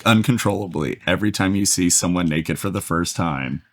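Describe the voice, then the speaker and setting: A young man, a podcast guest, chatting casually, joking and reacting loudly in disbelief. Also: low-pitched, fairly quick. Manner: animated, jokey, exclaims in disbelief.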